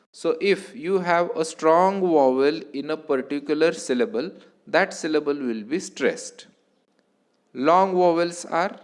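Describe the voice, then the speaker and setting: A man with an Indian English accent giving a recorded lecture, explaining slowly and deliberately and repeating key points. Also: fairly high pitch. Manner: slow, deliberate teaching with repetitions.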